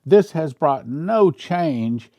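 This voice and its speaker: A man's voice: fairly high pitch, lively intonation, drawn-out words, mellow, no room sound, dull audio. A man who is a pastor, giving casual commentary in an emphatic way, with rhetorical questions and chuckling asides.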